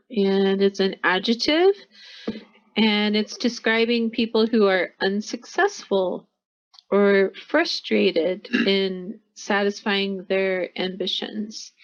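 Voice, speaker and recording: An American woman teaches pronunciation to a college class, explaining patiently and repeating words for her students. Her voice is medium-pitched, and the recording has its highs cut off.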